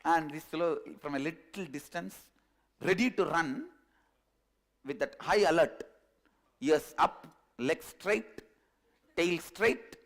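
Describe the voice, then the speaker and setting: High-voiced preacher. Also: male voice, takes it slowly, pauses often. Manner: animated storytelling, repetitive phrasing. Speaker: spiritual teacher. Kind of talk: storytelling sermon.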